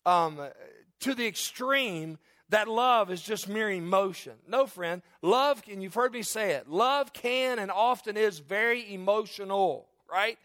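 High-voiced preaching man in his forties. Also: unhurried, fairly bright tone, no room sound. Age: 40s. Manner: earnest, repetitive, conversational preaching with frequent restarts. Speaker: pastor. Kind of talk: sermon.

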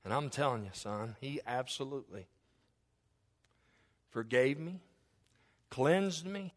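A male pastor delivers a sermon in a church, his voice sitting at an ordinary middle pitch. He preaches fervently, driving points home by repeating phrases in a steady rhythm. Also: slow pace. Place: church sanctuary.

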